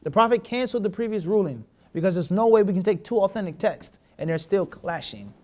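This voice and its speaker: Animated and fairly quick, this man's high-pitched, slightly mellow voice carries a classroom hadith lesson. He uses Arabic terms within his English and repeatedly stops to check on his students with rhetorical questions.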